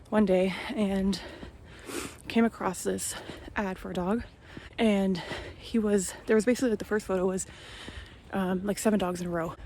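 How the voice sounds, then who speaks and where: A woman's voice: medium pitch, warm tone, slight background noise. Chatty woman vlogging on a walk. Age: 30s. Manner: chatty storytelling, acts out quoted voices. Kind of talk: casual walk-and-talk vlog. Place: outdoors on a walk.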